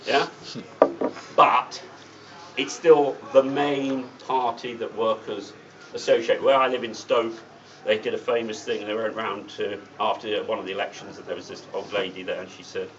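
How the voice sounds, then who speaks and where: A man's voice: on the low side, fairly even intonation, moderate pace, a bit bright. Blunt man speaking from a distance. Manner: blunt, anecdotal, with sardonic asides. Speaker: guest speaker at a political meeting. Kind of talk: political speech. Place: meeting room. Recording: distant mic, dull sound, faint hiss.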